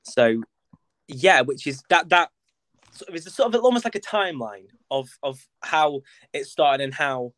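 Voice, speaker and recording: A young man, chatting as a podcast guest in a flamboyant, expressive way. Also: a little high, moderate pace, no echo. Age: young adult. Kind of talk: casual interview chat.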